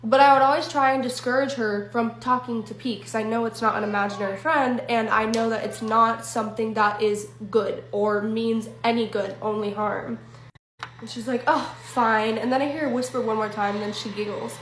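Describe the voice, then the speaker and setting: A woman's voice: a little high, steady tone, fairly quick, a little hiss or hum. A young woman casually telling a scary story to her viewers, chatty and swearing, with asides to the audience. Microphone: phone selfie video. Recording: echoey room.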